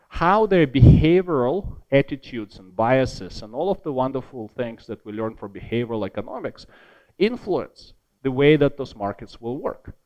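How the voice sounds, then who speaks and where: Animated man giving an academic keynote. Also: mid-range voice, dull audio. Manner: lively, self-deprecating asides, emphatic repetition. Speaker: keynote speaker.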